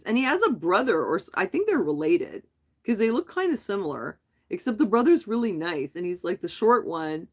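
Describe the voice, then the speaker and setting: A woman chatting on a live stream in an easygoing, unscripted way. She rambles through her story with animation, often breaking off and starting sentences again. Her voice sits at an ordinary middle pitch for a woman. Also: breathy edge. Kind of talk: casual chat.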